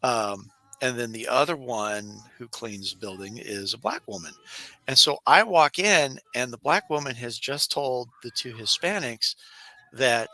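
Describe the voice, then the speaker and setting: A man's voice: medium pitch, a little slow. A man co-hosting a casual podcast chat, telling stories with frequent laughter and acted-out quotes. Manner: animated storyteller, laughs often, acts out quotes. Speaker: podcast co-host.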